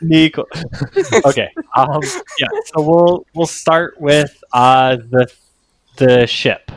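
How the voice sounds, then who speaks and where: A man's voice: fairly high pitch, slow. A man narrating as game master of a tabletop game, hesitant and full of restarts.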